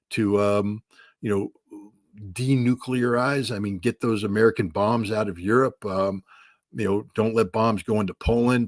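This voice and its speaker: A man's voice: lowish voice, no echo. A man giving blunt, opinionated commentary as an interview guest, emphatic and repetitive, dropping casual slang. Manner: blunt, emphatic, repeats words, says dude.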